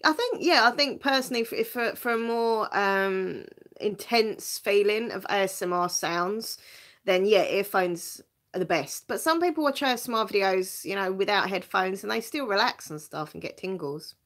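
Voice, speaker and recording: An English woman from Essex hosts a casual live stream, reading viewer comments in a medium-pitched, fairly bright voice at normal speed. She's chatty and self-mocking, laughs a lot, and repeats words as she starts sentences.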